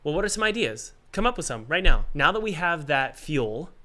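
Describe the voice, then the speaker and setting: A man with a cold who coughs now and then, hosting a casual livestream and giving game development advice in an energetic, rambling, jokey way. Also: on the high side, moderate pace.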